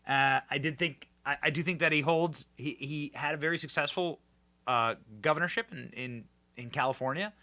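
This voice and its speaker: Bright, animated male commentary host. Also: fairly high pitch, normal speed. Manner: animated, sarcastic, many fillers and restarts. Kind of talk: casual political commentary.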